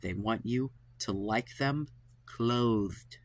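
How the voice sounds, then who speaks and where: With a gravelly mid-range voice and drawn-out words, a dating-advice host delivers a frustrated monologue to camera on his channel. He curses, sighs and lets sentences trail away, sounding thoroughly worn out and fed up.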